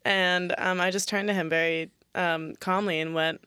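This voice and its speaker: A woman's voice: fairly low pitch, fairly even intonation, moderate pace, bright, forceful tone, clear, resonant tone, no echo, studio quality. A young adult woman co-hosting a comedy podcast, telling rambling stories in a playful way and laughing often. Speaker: podcast co-host. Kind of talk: casual comedic chat.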